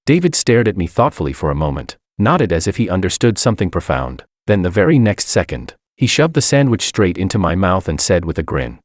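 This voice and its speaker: A man narrates a first-person story with an even, wry delivery. His voice is deep yet moves in a lively way, recorded close and dry. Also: fairly quick, dry recording.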